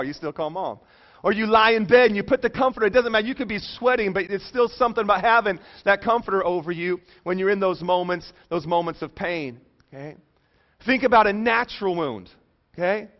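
A man's voice: high voice, highs cut off. A man in his thirties preaching a sermon in a conversational, joking way, often checking in with his listeners. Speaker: pastor.

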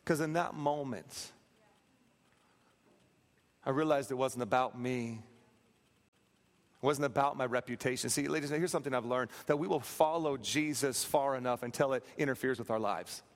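A man preaching a sermon, telling a story with animated, acted-out quotes and humor. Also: mid-range voice, normal speed, long pauses. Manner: animated, acts out quotes, plays for laughs. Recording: reverberant hall.

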